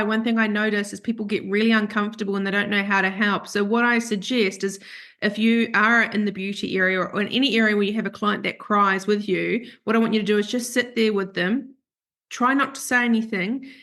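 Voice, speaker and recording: A woman guest on a podcast, talking frankly and with lively storytelling. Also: medium pitch. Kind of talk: casual podcast conversation.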